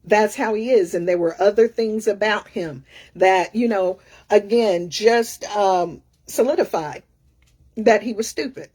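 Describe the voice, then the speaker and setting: A middle-aged woman coach telling a story in a casual, animated, sassy way. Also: medium pitch, a little slow, slightly rough. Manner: animated, sassy, acts out other people's lines. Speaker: career coach.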